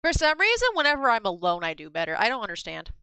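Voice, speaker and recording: A woman chatting casually on a live stream as a craft vendor, blunt and quick to laugh, swearing casually. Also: fairly high pitch, wildly swooping pitch, sharp tone, clear, resonant tone, dry recording, rough recording.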